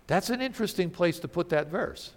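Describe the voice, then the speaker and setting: Male pastor, sermon delivery, emphatic and questioning, very expressive pitch. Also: brisk, long reverb tail. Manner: animated, emphatic preaching with rhetorical questions.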